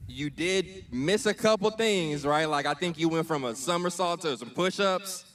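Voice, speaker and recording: A man's voice: high-pitched, moderate pace, fairly bright tone. A man giving a friendly, bantering judge's verdict. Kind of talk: casual chat.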